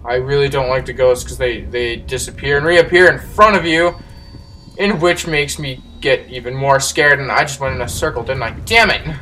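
A man commentating a horror game as he plays, jumpy, swearing and yelling at the enemies. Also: mid-range voice, normal speed, a little hiss or hum. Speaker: let's play gamer. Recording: distant mic with game music behind.

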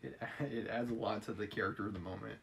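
A man's voice: lowish voice, steady tone, fast talker, gravelly, a bit bright, a little hiss or hum, rough recording. A man reading a novel aloud on a live stream, chatting and laughing about it between passages.

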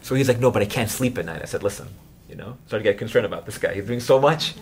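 A man's voice: on the low side, lively intonation, fast, breathy edge. A man in his thirties giving an informal sermon, telling stories in a conversational way with many fillers and quoted dialogue. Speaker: religious scholar and chaplain.

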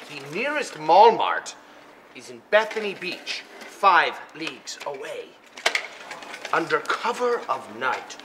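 An actor playing a bombastic faire knight who schemes aloud in pompous mock-olde speech. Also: male voice, medium pitch. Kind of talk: comic web series acting. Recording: noisy location recording.

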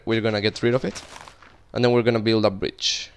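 A young man commentating his game casually, cursing a lot and yelling in panic when monsters show up. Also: medium pitch, brisk, smooth. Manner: casual, swears often, cries out in panic at monsters. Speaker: gaming YouTuber. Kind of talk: Minecraft let's play commentary.

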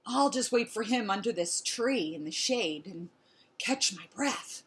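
A woman voicing a lost, eager young female dog in a read-aloud storybook, excited and pleading. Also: medium pitch, a little slow. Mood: sad.

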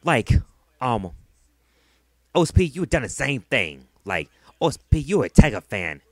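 Profane, heated man ranting, lively pitch. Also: measured pace, no echo. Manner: heated, profane, repeats himself. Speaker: vlogger. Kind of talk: angry ranting vlog.

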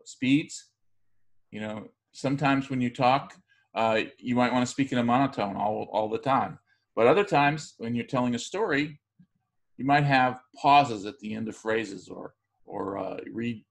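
Gravelly-voiced man teaching a class. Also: mid-range voice. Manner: relaxed, conversational explaining with frequent fillers and restarts. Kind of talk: recorded class lecture.

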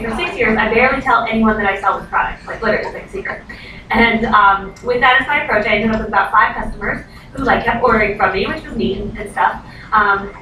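A woman's voice: on the high side, sharp tone. A woman in her thirties, a direct sales consultant, giving a chatty training talk and acting out quoted voices. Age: 30s. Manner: chatty, acts out quoted voices, says "like" often. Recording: echoey, noisy room from far off.

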